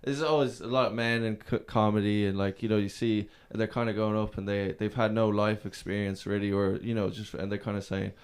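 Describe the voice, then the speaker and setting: A man's voice: on the low side, little pitch movement, a little fast, hardly any pauses, clean tone. A man co-hosting a podcast, rambling with many fillers and little laughs. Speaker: podcast co-host. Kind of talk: casual podcast chat.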